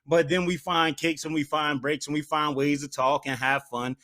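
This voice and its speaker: Male podcast host, high bright voice, casual and hyped, keeps saying "man". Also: normal speed. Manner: animated, hypes himself up, says "man" a lot. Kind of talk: solo podcast monologue.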